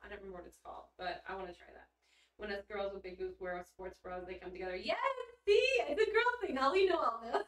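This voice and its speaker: A woman's voice: medium pitch, lively intonation, fast. A woman chatting casually on a livestream, reading her chat aloud, bubbly and giggly with blunt casual swearing. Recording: roomy echo, mic at a distance.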